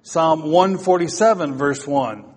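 A man's voice: fairly high pitch, a little slow. A man preaching a topical sermon, talking casually to his congregation and then reading psalms aloud with rising emphasis.

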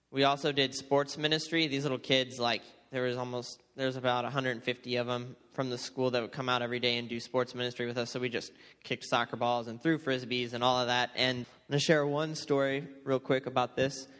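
A young man casually telling a mission trip story in a church hall, acting out the dialogue as he goes. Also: medium pitch. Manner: animated storytelling, acts out quoted dialogue. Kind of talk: casual testimony talk. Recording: reverberant hall.

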